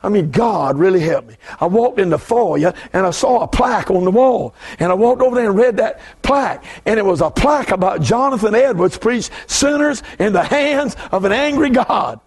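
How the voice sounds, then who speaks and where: A man with a Southern US accent preaching a fervent revival sermon as a guest preacher, dropping to low asides and rising to shouted bursts. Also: lively intonation, normal speed, hardly any pauses, slightly rough.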